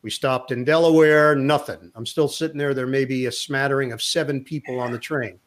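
A middle-aged man and sports broadcaster, a guest telling a lively anecdote in an interview, acting out the lines of the people in his story. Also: mid-range voice, fairly quick. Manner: lively anecdote teller who acts out quotes.

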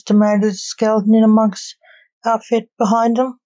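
A woman reading a storybook narration in a calm, unhurried way. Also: a little high. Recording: dull lo-fi recording.

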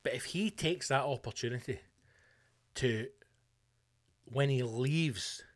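A Scottish man hosting a comedy podcast, ranting in a sweary, animated way. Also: mid-range voice, slow. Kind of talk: comedic rant.

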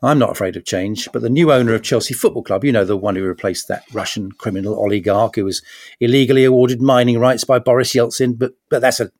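A man's voice: mid-range voice, steady tone, quick pace, a little mellow, no echo, studio quality. A man hosting a podcast, delivering a wry, punning satirical comedy monologue with sarcastic asides. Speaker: podcast host.

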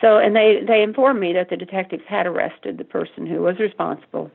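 An older woman speaks in a low, husky voice, often stopping and restarting mid-sentence as she recalls events as a mother. She comes through a thin, tinny phone line. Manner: halting, stuttering, many restarts. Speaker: mother of the convicted man, interviewee. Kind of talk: emotional personal recollection.

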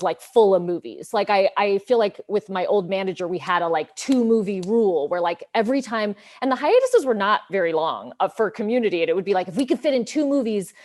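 A woman in her thirties, an actress talking in a relaxed interview, chatty and self-deprecating, acting out quoted lines with lively shifts in voice. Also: mid-range voice. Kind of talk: casual interview chat.

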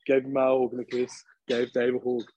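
An Irish man from Dublin tells a lively pub story on a casual podcast, peppering it with fillers and swearing. His voice is husky and slightly rough. The sound is dry and close, with no room around it. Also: mid-range voice, fairly quick, no echo, low-quality recording. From Ireland. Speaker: podcast co-host. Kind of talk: casual chat.

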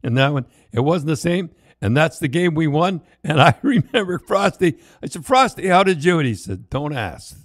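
An older man telling rambling, animated anecdotes in casual chat, with many restarts and laughs. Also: a little high, moderate pace, hardly any pauses, breathy edge, no room sound, clean studio sound. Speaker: storyteller co-host.

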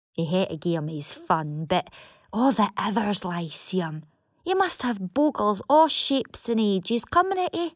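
A middle-aged woman with a Scottish accent performs a dramatic monologue. Her theatrical delivery swings between loud declarations and hushed asides, taken at an unhurried pace. The sound is dry and close, with no room echo. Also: medium pitch.

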